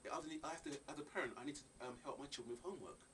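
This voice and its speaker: A man's voice: medium pitch, rapid-fire. A man, a parent who helps at a Saturday school, answering interview questions earnestly, with frequent restarts. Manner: earnest, animated, with many restarts. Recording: distant mic with faint ambient noise.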